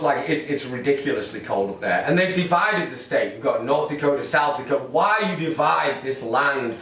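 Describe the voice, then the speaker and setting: A man's voice: mid-range voice, fairly bright tone, a little hiss or hum. A middle-aged man with an English accent, doing a rambling, wry stand-up set in his living room to a camera. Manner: wry, rambling observational delivery. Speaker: stand-up comedian. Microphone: camera mic set far off. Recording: echoey room, distant mic.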